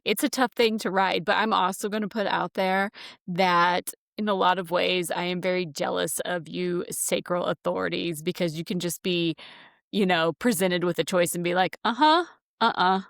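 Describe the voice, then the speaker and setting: Podcast cohost lady, low gravelly voice, chatty, laughs a lot, dry sound. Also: level tone, normal speed, a bit bright, dry recording. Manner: chatty, laughs between phrases. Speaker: podcast co-host. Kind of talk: casual podcast chat.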